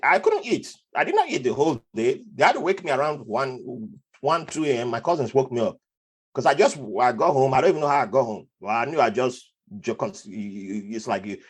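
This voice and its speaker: Animated man telling stories. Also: mid-range voice, fairly quick, husky. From Nigeria. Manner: animated, acts out other people's voices in his stories. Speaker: podcast guest. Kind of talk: conversational storytelling.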